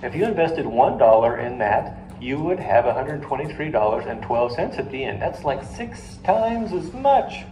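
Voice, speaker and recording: A man's voice: mid-range voice, very animated, normal speed, hardly any pauses, mellow. A man lecturing to a live classroom, telling stories and putting questions to the students with jokey asides. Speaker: finance lecturer. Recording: roomy classroom with faint noise.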